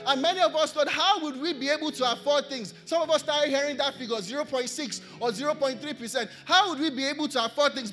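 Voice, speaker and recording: A man's voice: very high-pitched, pushed and bright. A Nigerian man preaching a sermon, earnest, returning again and again to repeated refrains. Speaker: pastor. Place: church.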